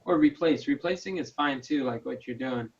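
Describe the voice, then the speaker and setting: A man's voice: medium pitch, moderate pace. A man patiently explaining slide design in a casual video call, with fillers and restarts. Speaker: volunteer teaching slide design. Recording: muffled, distant video call audio.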